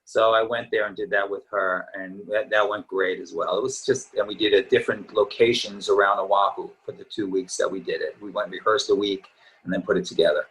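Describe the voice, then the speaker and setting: A middle-aged man with a fairly low voice talks as a guest in a relaxed interview. He rambles in an easygoing, reminiscing way, and his voice sounds a little tired. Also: fairly quick, rough recording. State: slightly tired voice. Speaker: actor guest. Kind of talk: casual interview chat.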